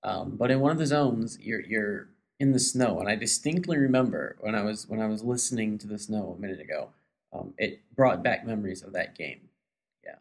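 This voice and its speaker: On his own podcast, a man chats casually on his own, rambling and hesitant, full of ums and trailing asides. His voice sits lowish and creaky, and he talks fairly quickly.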